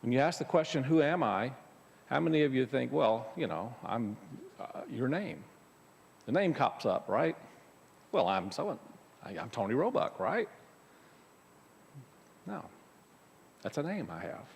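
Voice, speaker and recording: A man's voice: medium pitch, very animated, measured pace, gravelly, pauses often, a little mellow, a little hiss or hum. A man giving a conversational spiritual talk to a congregation as their minister, often restarting his sentences and using fillers. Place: church sanctuary. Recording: long hall reverb.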